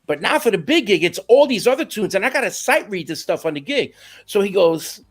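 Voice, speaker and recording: A middle-aged man with a high-set voice tells stories as a guest in an interview. His pitch jumps all over as he talks. He keeps it casual and slangy, and he drops Spanish phrases in here and there. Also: fairly quick. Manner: animated, slangy, slips into Spanish. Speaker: musician guest.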